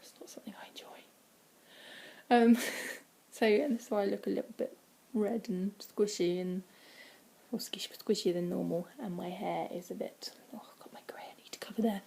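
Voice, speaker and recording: Mellow, husky woman chatting. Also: medium pitch, fairly even intonation, normal speed. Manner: chatty and rambling, many ums, quiet breathy asides. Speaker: vlogger. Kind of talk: casual weight-loss vlog. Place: indoors at home, by a window.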